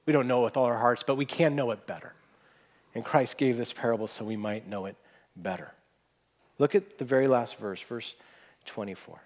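Earnest preacher swinging loud to hushed. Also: male voice, mid-range voice, normal speed, pauses often. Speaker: pastor. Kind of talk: sermon.

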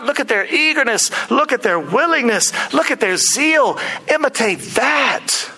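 A man preaching a sermon in an animated, conversational way, often acting out quoted speech. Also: very high voice, slightly rough, low-quality recording. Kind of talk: expository sermon.

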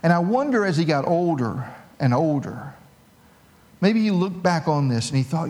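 A middle-aged man preaching a sermon as pastor, telling a personal story with animated, self-mocking humor. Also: a little high, moderate pace.

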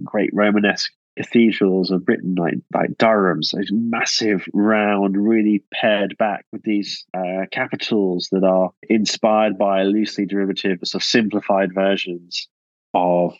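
A man's voice: on the low side, no room sound, highs cut off. A man answering interview questions about architecture, thoughtful and full of restarts and fillers.

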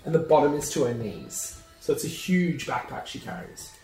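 A man's voice: on the high side, sing-song, normal speed, a little mellow, soft background music. Man game master in an echoey room. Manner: chatty, laughing narration with many ums. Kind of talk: narrating a tabletop game. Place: room shared with players around a table. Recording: echoey room, mic at a distance, faint noise.

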